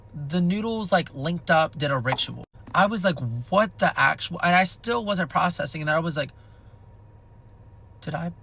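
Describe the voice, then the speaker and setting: A young man telling a wild personal story in a casual, animated and heavily profane way. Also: on the high side, creaky. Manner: animated, profane, dramatic retelling.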